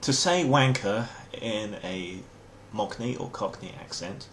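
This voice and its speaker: A man's voice: fairly low pitch, expressive, takes it slowly, slight background noise. An English man hosting a comic explainer monologue in a dry, wry, mock-formal manner. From England. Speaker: host.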